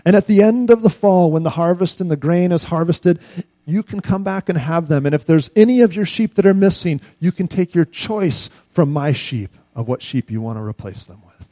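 A repentant landowner, earnest and eager, as a preacher puts him on. He talks up high and loud, hurrying his words. The tone is warm and the sound is dry. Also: lively intonation, normal speed, dry recording, lightly acted.

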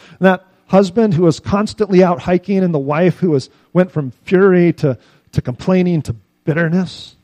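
A male pastor preaching a sermon, telling stories and dropping soft at the ends of lines. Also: medium pitch, dry recording, poor audio.

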